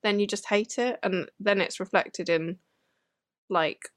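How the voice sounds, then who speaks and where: A woman's voice: medium pitch, steady tone, a little slow, no echo, clean studio sound. A woman with a British accent, a guest in a podcast interview, shy and self-deprecating with frequent laughs. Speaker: guest illustrator. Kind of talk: casual interview chat.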